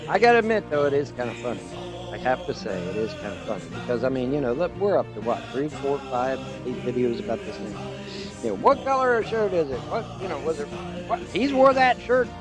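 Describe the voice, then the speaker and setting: A man's voice: sing-song, fairly quick, music in the background. Scornful man ranting at his haters. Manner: profane, scornful, swings in pitch. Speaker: online commentator. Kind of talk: ranting commentary.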